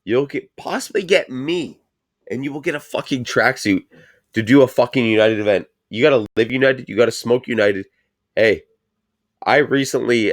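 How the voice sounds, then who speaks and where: A man's voice: lowish voice, no echo, studio quality. A man hosting a casual talk show, rambling and swearing a lot, with plenty of fillers. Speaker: show host. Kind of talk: casual profane chat.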